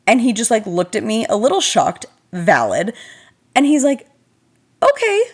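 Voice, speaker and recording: A young woman talks straight to her viewers in a casual vlog, telling a personal story. She is chatty and animated, pokes fun at herself, and calls her audience "y'all." Her voice sits at an ordinary middle pitch for a woman. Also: moderate pace, breathy edge. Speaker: vlogger.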